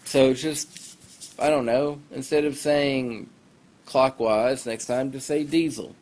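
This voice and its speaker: A man's voice: mid-range voice, fairly even intonation, slow pace, a little mellow. A male teacher casually giving class announcements over a phone livestream, rambling and poking fun at himself. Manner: chatty, rambling, self-deprecating asides.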